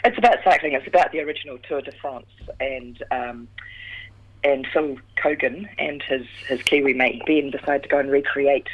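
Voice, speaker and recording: A man reviewing a film on a radio chat, measured and explanatory. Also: medium pitch, highs cut off.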